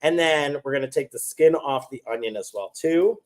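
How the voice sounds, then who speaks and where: A man's voice: a little high, normal speed. An upbeat man hosting a live cooking class, chatting and reading viewer comments as he cooks, eyes teary from cutting onions. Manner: animated, upbeat. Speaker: cooking host.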